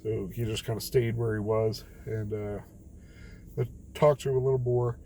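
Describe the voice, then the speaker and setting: A man's voice: on the low side, steady tone, normal speed, dark tone, a little hiss or hum, rough recording. A young man telling a rambling, self-deprecating story late at night, tired and quoting others as he goes. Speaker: vlogger.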